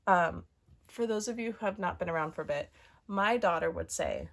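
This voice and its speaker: A woman's voice: fairly low pitch, very animated, fairly quick. Female knitting podcast host, 30s, bubbly and conversational. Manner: chatty and bubbly, many fillers and asides. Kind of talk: casual show-and-tell chat.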